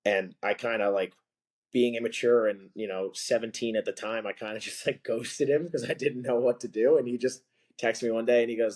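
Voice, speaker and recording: A man guest on a podcast, telling stories loosely and chattily, full of "like" and "you know" and quick laughs between phrases. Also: medium pitch, steady tone, darkish tone. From from a blue-collar family. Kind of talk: casual storytelling in conversation.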